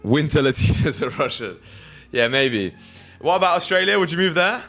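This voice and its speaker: A man's voice: a little high, expressive, normal speed, fairly bright tone, faint music behind. Crude, casual male livestream host. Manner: loose, crude, reads chat aloud.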